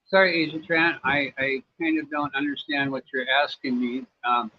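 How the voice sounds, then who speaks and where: An American man with a medium-pitched, steady voice talks at a normal speed while hosting a casual livestream from his home in Cambodia. He answers viewer questions in a rambling, laid-back way, full of fillers. The audio sounds slightly dull, with faint background noise.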